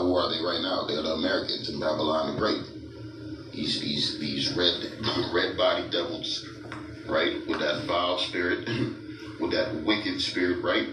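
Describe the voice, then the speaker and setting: A man preaching from scripture, reading verses aloud and mocking his targets with chuckles and a steady "right?". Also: deep voice, background noise. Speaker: street preacher. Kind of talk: scripture-reading sermon commentary. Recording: echoey room, mic far off, music behind.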